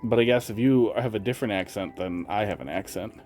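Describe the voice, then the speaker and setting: Talking at a quick pace in a fairly low, slightly mellow voice, a man with a slight Wisconsin accent chats casually with his stream viewers. He also speaks to his cats in a sing-song voice as faint music plays.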